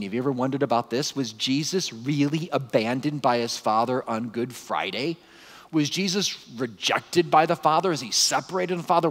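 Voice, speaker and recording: A man giving a conversational, animated Bible talk to a live conference audience, with frequent asides. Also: medium pitch, in a large hall. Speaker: conference speaker.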